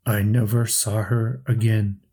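Give me a man playing a reflective old uncle, slow and husky, in a storybook reading. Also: on the low side, level tone, mellow. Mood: subdued. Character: old lame uncle recalling lost love.

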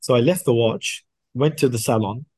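A man, a podcast guest, casually telling a story and acting out the dialogue in an animated way. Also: medium pitch, normal speed, slightly rough, no echo. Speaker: guest watch collector.

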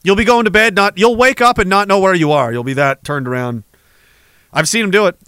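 High bright-voiced man, rambling and profane. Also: a little fast, clean tone, dry recording. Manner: rambling, profane, sarcastic, laughs often. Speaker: livestream host reading chat. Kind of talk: casual livestream chat.

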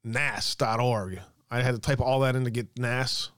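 A man's voice: medium pitch, steady tone, moderate pace, a bit bright, smooth. A man with an ordinary mid-range voice hosts a ranting commentary show. He reads aloud from a screen and drops sarcastic, muttered asides with casual swearing. The sound is close and dry, with no room echo. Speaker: host of a political commentary show. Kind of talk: ranting online commentary, reading aloud from a website.

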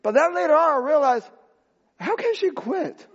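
High-voiced male preacher, impassioned sermon, shouting at peaks, muffled lo-fi sound. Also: sing-song, moderate pace. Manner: impassioned, shouting at peaks, broken non-native grammar. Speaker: pastor.

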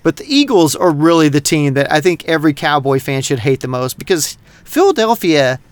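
A man's voice: on the high side, brisk, smooth, no echo. A middle-aged man from North Texas, a podcast co-host rambling in casual, profane chat. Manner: rambling, heavy swearing, animated.

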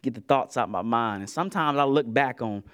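A man preaching a sermon in an animated, colloquial way, with repeated words and asides to the congregation. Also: mid-range voice, a little fast, clean tone.

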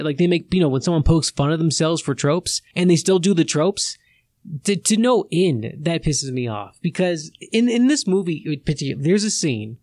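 A man's voice: fairly high pitch, normal speed, dry recording. A man co-hosting a casual podcast, ranting in exasperation with many restarts. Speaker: podcast co-host. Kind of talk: casual movie rant.

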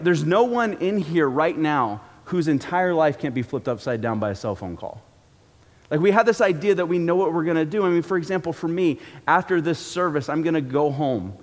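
A man preaching a sermon in a church auditorium, in a casual, joking, conversational way. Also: fairly high pitch. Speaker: pastor. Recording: long reverb from a large hall.

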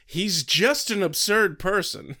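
A man's voice: high-pitched, lively intonation, takes it slowly, sharp tone. A man co-hosting a comedy podcast, chatting casually and laughing often as he talks. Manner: laughs often while talking. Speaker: podcast co-host.

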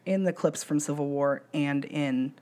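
A woman's voice: sits low, unhurried, darkish tone. A woman co-hosting a casual podcast chat, opinionated and playful. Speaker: podcast co-host.

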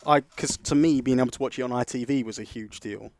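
A man co-hosts in a relaxed, teasing way, cutting in with quips. His pitch is middle. The recording is dry and close. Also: quick pace, no room sound. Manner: teasing, chatty interjections. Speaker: podcast co-host. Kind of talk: casual chat, reading listener questions.

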